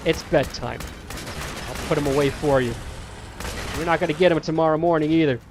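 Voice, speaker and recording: A man's voice: a little high, a little fast, long pauses, noisy background. A man casually commenting on his own gameplay, playfully talking to the characters on screen like a parent sending children to bed. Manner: playful, talks to game characters like a scolding parent. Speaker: gameplay streamer. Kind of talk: casual let's-play commentary.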